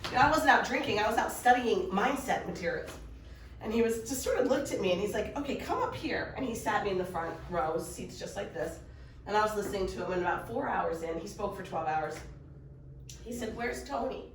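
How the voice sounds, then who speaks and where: A middle-aged woman coaching a live workshop audience, telling a story with quick, animated energy. Her voice carries the echo of the room and sits back from the mic, with a faint room hum underneath. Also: medium pitch. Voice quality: animated, fast storytelling with laughs. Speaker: mindset coach. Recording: echoey room, voice from far off.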